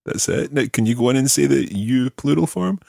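An animated, mellow man of medium pitch, with some vocal fry, patiently drills Spanish verb forms and stress, pronouncing them slowly for a learner to repeat. It's a clean studio recording with no echo.

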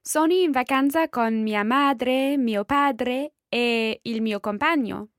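A woman plays a polite young Scottish tourist trying out her new Italian. She speaks slowly and carefully in a slightly high voice, recorded dry and close. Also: dry recording. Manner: slow, careful learner's Italian.

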